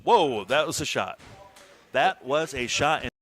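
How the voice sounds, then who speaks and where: A man doing casual live commentary on a golf video game tournament, swearing and breaking into shouts. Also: mid-range voice, a little slow. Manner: excitable, swears, bursts into shouts.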